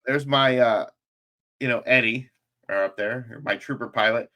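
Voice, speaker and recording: A podcast host telling stories with gusto and acting out the voices of the people in them. His voice is bright and forceful, sitting at an ordinary pitch for a man. The talk is relaxed and chatty. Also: moderate pace. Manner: animated storyteller, acts out quotes. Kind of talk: casual podcast chat.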